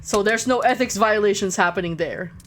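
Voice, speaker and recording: A woman's voice: medium pitch, brisk, soft background music. A woman streaming a video game, giving casual, joking commentary and laughing often.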